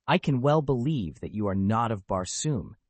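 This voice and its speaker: A man voicing a proud pirate prince in an audiobook, calm and dignified with a faint ironic edge. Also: medium pitch, normal speed, no room sound, lightly acted. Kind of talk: audiobook character voice.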